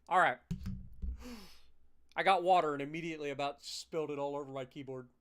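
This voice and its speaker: A man's voice: on the high side, fairly even intonation, brisk, fairly bright tone. Casual man streaming a naval strategy game. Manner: casual, thinks aloud, swears, clears throat often. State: slightly rough throat. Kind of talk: live strategy game commentary.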